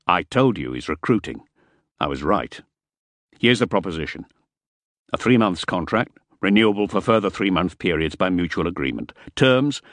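A man's voice: low-pitched, fairly bright tone, no echo. A man voicing an impatient, domineering French ex-soldier who talks curtly and irritably.

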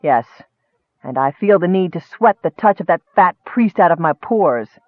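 A man's voice: high-pitched, lively intonation, normal speed, no room sound. A proud young male swordsman speaks with open disdain, as a man reads him. The sound is dry and narrow-band. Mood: scornful.

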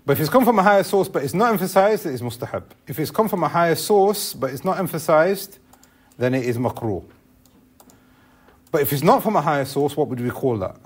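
A man's voice: a little high, animated, fairly quick, breathy edge. A man teaching a classroom lesson on Islamic law, explaining step by step and asking the class questions.

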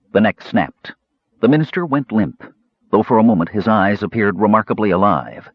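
A low-voiced man reads a fantasy novel aloud with dramatic, animated pitch. His voice is somewhat husky, and the recording is dry and a little dull. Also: no room sound. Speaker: audiobook narrator. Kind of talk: scripted narration.

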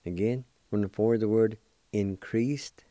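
Slow, deep-voiced man teaching word by word. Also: warm tone, no echo, clean studio sound. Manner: slow, careful spelling out of letters and syllables; repeats each word several times for practice. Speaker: radio language teacher. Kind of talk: radio language lesson.

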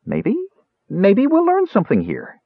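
A man voicing an excitable small male kender adventurer in a storybook reading, raising his voice high and sounding exasperated and pleading. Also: measured pace, no echo, full character voice. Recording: tinny phone-like sound.

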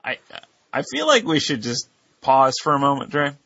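A man's voice: mid-range voice, sing-song, moderate pace, sharp tone, dry recording, highs cut off. A man co-hosting a podcast, talking in a hesitant, word-searching casual way. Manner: hesitant, searching for words with fillers. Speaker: podcast co-host.

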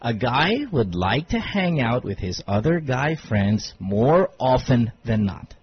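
A man hosting a morning radio show, teasing and arguing his point in animated banter. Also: medium pitch, slow pace, breathy edge. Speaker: radio host. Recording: dull lo-fi radio broadcast.

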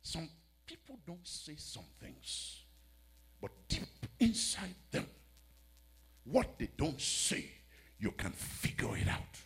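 A male pastor preaching a sermon, swinging from quiet, drawn-out lines to loud, fervent shouting. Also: a little high, sing-song, husky.

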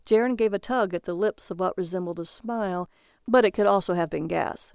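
A woman giving scripted narration of a noir story in a measured storytelling manner. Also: lowish voice, fairly even intonation, creaky, darkish tone, no echo, studio quality.

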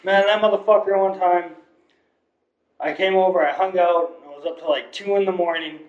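High-voiced swearing guy, echoey lo-fi. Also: moderate pace. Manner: animated, swearing storyteller. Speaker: podcast guest. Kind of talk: casual chat. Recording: roomy, dull lo-fi sound.

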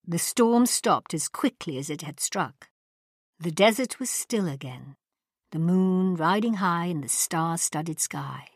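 A woman narrating a story in a dramatic, expressive reading. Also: fairly low pitch, takes it slowly, no room sound, clean studio sound. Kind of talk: scripted narration.

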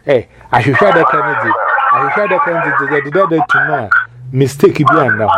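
A man's voice: fairly high pitch, lively intonation, fairly quick. A man, a minister, preaching informally and rambling as he switches languages mid-sentence. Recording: loud background noise.

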